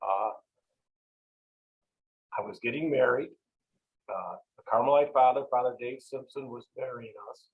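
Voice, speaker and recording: A man's voice: mid-range voice, measured pace, pauses often, narrow, tinny audio. A man, a longtime football coach, telling stories in an interview and acting out the exchanges he quotes. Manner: animated, acts out quoted exchanges. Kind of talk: storytelling interview.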